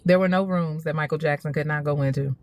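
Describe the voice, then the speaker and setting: An animated woman in her forties with a fairly low voice, talking straight to her audience in a casual opinion monologue. She laughs often and repeats her points for emphasis. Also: quick pace. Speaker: social media host.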